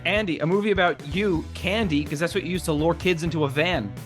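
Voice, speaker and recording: A man's voice: fairly high pitch, quick pace, faint music behind. A man co-hosting a podcast, chatting casually with wry, teasing jokes. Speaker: podcast co-host. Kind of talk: casual chat.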